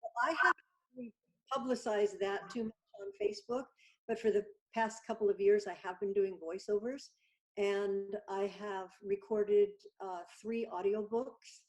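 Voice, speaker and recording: A woman's voice: medium pitch, fairly even intonation, normal speed. A woman voiceover artist chatting as a guest on a video-call interview, enthusiastic and talkative.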